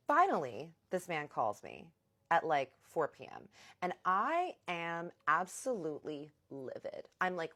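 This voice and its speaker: A young adult woman telling a personal story in a chatty, animated way, acting out what people said. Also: low-pitched, brisk. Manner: chatty, animated retelling with acted-out quotes. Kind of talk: casual storytime vlog.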